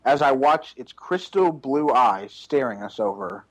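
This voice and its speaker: A man's voice: medium pitch, animated, measured pace, fairly bright tone, dry recording, low-quality recording. A man doing a comedic reading of fanfiction aloud, with sarcastic interjections. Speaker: fanfiction reader.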